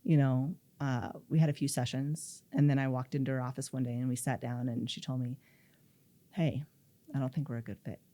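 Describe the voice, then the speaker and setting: A middle-aged woman, appearing as an interview guest, tells a story from her life in a brisk, rumbling low voice. She's animated and acts out the quoted lines.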